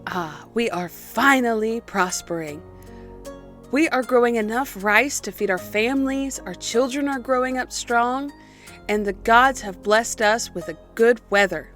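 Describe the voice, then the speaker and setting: A woman's voice: a little high, measured pace, a bit bright, faint music behind. A woman voicing a male provincial governor in a comedic podcast skit, theatrical and exasperated. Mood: serene. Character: serene male provincial governor, startled by war.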